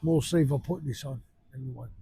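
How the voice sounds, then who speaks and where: A man, talking casually for a fishing vlog in a blunt, sweary, ranting way, outdoors on a beach at night by rough surf. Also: medium pitch, fast, mellow, slight background noise. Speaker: fishing vlogger.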